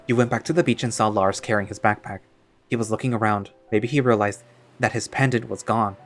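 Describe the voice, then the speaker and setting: A man reading a story aloud as narrator in a plain, steady second-person voice. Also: lowish voice, fairly quick, soft background music.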